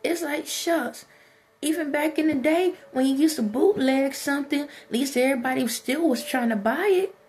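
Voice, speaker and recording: Animated Chicago woman ranting to camera. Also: sits high, normal speed. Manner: animated, rhetorical questions, talks straight to viewers. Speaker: vlogger. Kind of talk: casual opinion rant.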